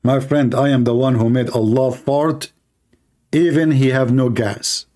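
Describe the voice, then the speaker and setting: The host of a live religious debate stream, a man, speaks in a dark, mid-range voice with a steady tone and an unhurried pace. His monologue is sarcastic and mocking, delivered in nonstandard English grammar.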